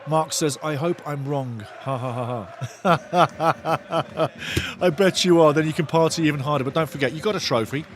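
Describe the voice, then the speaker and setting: A man hosting a live football watch-along, commentating excitedly, shouting at big moments and reading viewer comments aloud, often repeating his phrases. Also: a little high, quick pace, a little hiss or hum.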